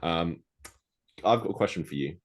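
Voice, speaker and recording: A man co-hosting a podcast in a relaxed, chatty way, often dropping "like" between thoughts. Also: sits low, normal speed. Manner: chatty, with many "like" fillers. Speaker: podcast co-host. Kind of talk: casual chat.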